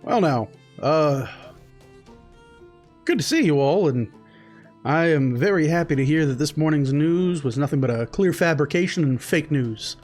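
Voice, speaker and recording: A man's voice: fairly high pitch, lively intonation, normal speed, a little mellow, soft background music. A man voicing a polite middle-aged male deputy to a warden, courteous and rambling with fillers.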